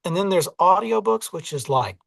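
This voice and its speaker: A man's voice: high-pitched, expressive, normal speed, gravelly, no echo. A man with a Southern US accent, an audiobook narrator talking casually and reflectively in an interview, often hedging with "like" and "you know.". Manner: reflective, self-deprecating, many "like" and "you know".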